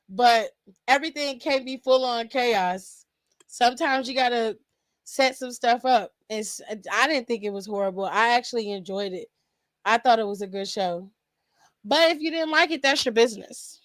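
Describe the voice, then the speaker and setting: A woman's voice: a little high, normal speed, a bit bright, dry recording. Chatty woman streaming a wrestling aftershow. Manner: chatty, laughs often, addresses viewers directly. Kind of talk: casual live-stream chat.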